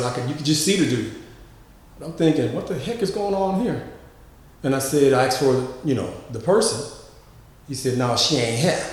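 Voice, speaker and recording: A man tells a long personal story at an unhurried pace, stretching his fillers and repeating words. When he quotes people his voice jumps higher and livelier. The voice rings out in a very echoey room with a long reverb tail. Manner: animated, acts out quotes with higher pitch; drawls, frequent uh fillers and repeats. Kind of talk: casual storytelling.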